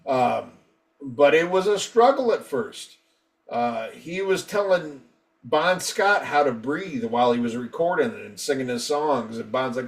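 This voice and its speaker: A man's voice: mid-range voice, measured pace. A man co-hosting a casual album review, rambling and swearing freely, acting out quotes from band members. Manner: profane, rambling, acts out quotes. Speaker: podcast co-host.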